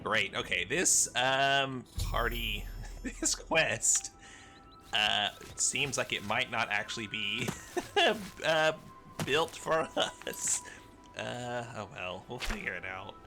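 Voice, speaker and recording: A man's voice: mid-range voice, expressive, slow. Chuckling male gamer rambling over game music. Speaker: livestreamer. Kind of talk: casual gameplay commentary.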